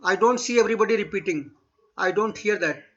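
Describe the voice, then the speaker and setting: A man teaching a German class online, speaking slowly and repeating words for students to echo. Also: high-pitched, fairly bright tone. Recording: dull lo-fi online class audio.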